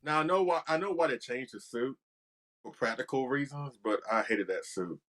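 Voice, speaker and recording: A man's voice: mid-range voice, expressive, moderate pace, a bit bright. A man co-hosting a casual podcast, talking enthusiastically with lots of "you know" and "like". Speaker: podcast co-host. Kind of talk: casual chat.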